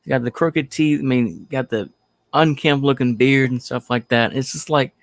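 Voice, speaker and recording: A man's voice: medium pitch, moderate pace, dry recording. A man from the United States hosting a livestream in casual chat, rambling, repeating himself and trailing off into fillers. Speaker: livestream host.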